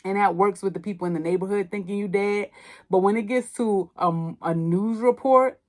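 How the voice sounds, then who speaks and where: In a casual movie review chat, a female podcast host with a mid-range voice recaps and roasts a film at normal speed. Her storytelling is blunt and animated, packed with slang and swearing.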